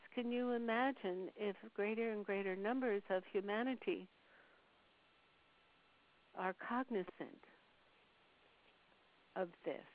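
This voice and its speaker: Woman channeler, slow and soothing, measured pauses, thin phone-line sound with light hiss. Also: medium pitch. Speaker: channeler relaying a spirit's words. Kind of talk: slow spiritual channeling on a call. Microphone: phone call.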